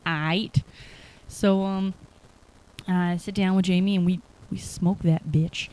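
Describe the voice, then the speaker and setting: A woman's voice: on the low side, fairly even intonation, slow, a little mellow. A young woman telling a rambling personal story to the camera, laid-back and full of fillers. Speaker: vlogger.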